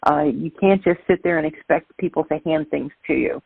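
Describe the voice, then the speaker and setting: A middle-aged woman from Brooklyn, a guest telling lively stories in an interview. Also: low voice, a little fast, gravelly, breathy edge, dry recording. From Brooklyn, New York. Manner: lively, animated storyteller. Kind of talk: interview storytelling. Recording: tinny phone-like line.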